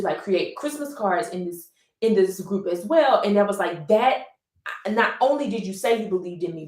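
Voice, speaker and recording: Earnest, rambling woman in an echoey room. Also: mid-range voice. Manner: earnest, rambling, many restarts and fillers. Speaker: artist live-streaming while painting. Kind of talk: casual heartfelt monologue. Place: room while painting on camera.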